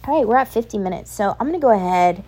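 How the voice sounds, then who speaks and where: A woman's voice: medium pitch, expressive, quick pace, mellow, slight background noise. A young woman hosting a casual solo podcast, ranting in a profane, emphatic, motivational way. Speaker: podcast host.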